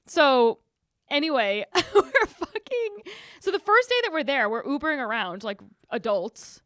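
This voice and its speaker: A woman co-hosting a podcast, telling a story in casual chat, animated and swearing freely. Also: high voice, measured pace, no echo, studio quality. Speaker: podcast co-host.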